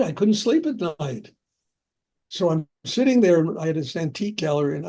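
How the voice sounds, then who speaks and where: A man's voice: fairly high pitch, mellow, husky. An older man, a spiritual teacher, telling personal stories in a chatty way and laughing often during a question-and-answer talk. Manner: chatty, anecdotal, laughs often, frequent "you know".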